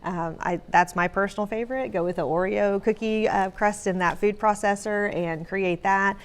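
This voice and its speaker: A woman's voice: mid-range voice, steady tone, moderate pace, clear, resonant tone. A woman on a morning news show, chattily explaining how to bake a dessert as a guest. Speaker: guest baker. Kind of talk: cooking segment chat.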